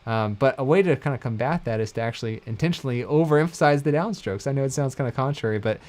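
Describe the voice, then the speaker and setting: A man giving a casual livestream mandolin lesson, talking in a relaxed, rambling way and correcting himself often. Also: medium pitch, fast. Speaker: mandolin teacher. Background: mandolin playing between phrases.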